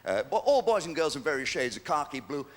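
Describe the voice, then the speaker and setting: A man's voice: fairly high pitch, big pitch swings, fast. An English man in his sixties doing live stand-up comedy, chatty and cheeky with well-timed punchlines, on stage at a large venue.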